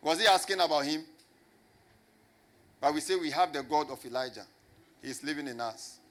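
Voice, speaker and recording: A man's voice: a little high, steady tone, fairly bright tone. Emphatic preacher man with a raised voice. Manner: emphatic, repeats phrases and asks the congregation rhetorical questions; slows down to stress key words. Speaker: pastor. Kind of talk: sermon.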